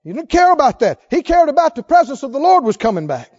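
A man preaching a sermon emphatically, swinging between loud declarations and hushed lines. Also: extremely high pitch, big pitch swings, fast talker, dull audio. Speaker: pastor.

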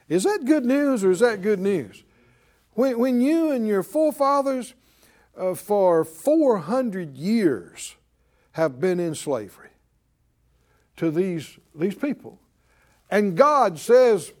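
A man preaching a broadcast sermon, animated and building to emphatic shouts. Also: very high-pitched, takes it slowly, pauses often.

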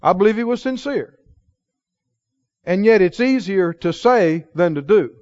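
A man preaching a sermon in church, emphatic, drawing call-and-response from the congregation and slowing down to stress key phrases. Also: high-pitched, animated, a little mellow, highs cut off. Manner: slows for key phrases, acts out dialogue in quoted voices. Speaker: pastor.

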